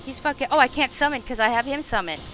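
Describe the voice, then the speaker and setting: Young woman streamer, bright sharp voice, swears a lot, goes from yelling to mumbling, a bit higher pitched. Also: fast, soft background music, rough recording. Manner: excitable and profane, swinging between shouts and hushed asides. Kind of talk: live game stream commentary.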